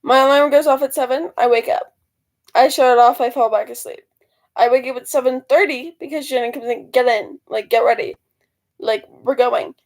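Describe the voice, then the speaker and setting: Teen girl vlogging, kinda high voice w lots of vocal fry, rambles and restarts a lot. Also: steady tone, normal speed, rough recording. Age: teens. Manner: rambling storytelling with many restarts and fillers. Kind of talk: casual talking-to-camera vlog.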